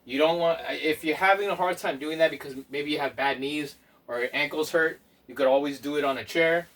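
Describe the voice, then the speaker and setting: A man leading a home workout as a fitness instructor, counting reps aloud and giving slow, step-by-step tips. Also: on the high side, fairly bright tone. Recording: voice from a distance off the mic.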